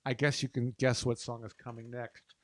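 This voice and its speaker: A man from Texas hosting his own show, chatting casually between songs in an effusive, gushing way with lots of soft hesitations. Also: medium pitch, level tone, moderate pace, dry recording. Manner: soft-spoken with frequent hesitations. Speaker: show host and singer.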